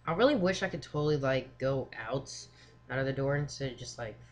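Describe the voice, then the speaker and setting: A young male gamer talks through a horror game in loose, rambling let's play commentary. He sounds a little ill, and his reactions jump to excited swearing. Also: medium pitch, fairly quick. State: feeling ill. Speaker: gaming channel host.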